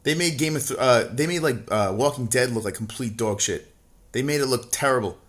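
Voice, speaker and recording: A man's voice: mid-range voice, a little fast, fairly bright tone. A man co-hosting a casual livestream, reading chat messages and rambling about a TV show with constant swearing and mocking jokes.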